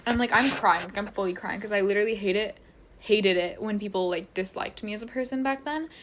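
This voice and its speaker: A woman's voice: medium pitch, a little fast. A teenage girl rambling through a casual storytime while getting ready at home, filling every sentence with "like". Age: teens. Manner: rambling, heavy use of "like" fillers.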